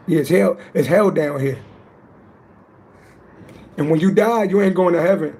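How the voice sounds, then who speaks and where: High-voiced man rapping roasts on a livestream. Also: normal speed, pauses often, warm tone, slightly rough. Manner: playful rhyming roasts, trash talk. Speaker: livestream psychic reader. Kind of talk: live-stream chat and reading aloud.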